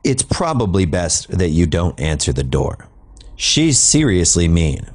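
A man's voice: deep voice, sing-song, measured pace, a little mellow, full character voice. A man doing a matter-of-fact younger brother. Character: young male brother, sensible and deadpan.

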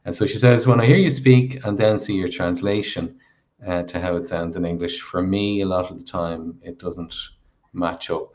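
An Irish man co-hosting a live Q&A, reading out viewer questions in an affable, measured way. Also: sits low, steady tone, a little mellow. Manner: affable, measured, reads questions aloud slowly. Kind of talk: casual live Q&A chat. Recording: dull lo-fi stream audio.

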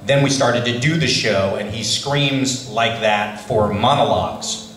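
Chatty male panel host at a con, lowish voice, roomy hall. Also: measured pace, fairly bright tone. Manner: chatty, self-interrupting. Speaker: voice actor panelist and moderator. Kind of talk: convention Q&A chat. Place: convention hall.

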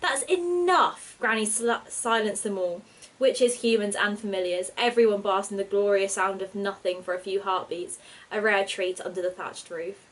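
A woman reading her own storybook aloud in a steady, expressive narration. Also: medium pitch, normal speed, poor audio.

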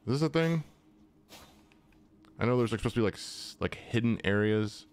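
In a clean, medium-pitched voice at a moderate pace, a young gaming channel host animatedly narrates his own let's-play, cracking jokes, chatting away and talking back to on-screen enemies.

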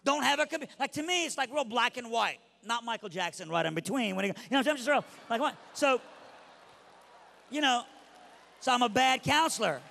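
A preacher man from Iran telling a comedic story in a sermon at a youth event, animated and blunt, acting out the voices he quotes. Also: extremely high pitch, moderate pace, creaky, a little hiss or hum. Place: large hall at a youth event. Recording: long reverb of a large hall.

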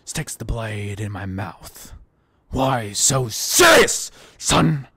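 A man voicing a menacing male clown villain, telling a story in a slow, drawn-out, theatrical way. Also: on the low side, expressive, creaky, bright, forceful tone, slightly rough, no echo, clean studio sound, pitched below the performer's own voice, heavily acted. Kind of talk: live impression on a game stream.

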